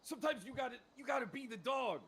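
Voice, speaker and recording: During a heated GTA roleplay argument, a man playing a police character launches into a swearing rant, his voice cracking with indignation. He has a very high, expressive, slightly rough and somewhat bright voice and talks fast.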